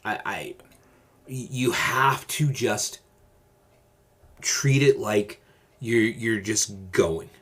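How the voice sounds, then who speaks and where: A man hosting his own channel, giving advice in a calm, measured, deliberate casual monologue. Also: lowish voice, breathy edge.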